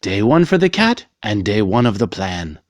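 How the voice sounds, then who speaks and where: A man reading a children's picture book aloud in slow, clearly paced storytelling. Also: on the low side, very animated, dry recording, clean studio sound. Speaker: reader.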